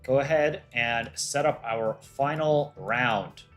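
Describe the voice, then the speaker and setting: A man's voice: mid-range voice, takes it slowly, fairly bright tone, faint music behind. A man casually hosting a livestream, chatting with viewers in a loose way with restarts and frequent laughter. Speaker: animator and livestream host.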